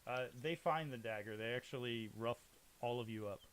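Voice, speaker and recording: A man's voice: medium pitch, normal speed, fairly bright tone, slight background noise. Man narrating as game master. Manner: loose, rambling narration.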